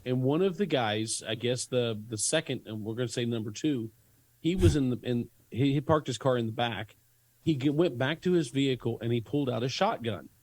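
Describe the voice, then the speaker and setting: A man's voice: medium pitch, brisk, a little mellow, dry recording, poor audio. A man co-hosting a talk show who tells a story in a rambling way, restarting his sentences often. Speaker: co-host.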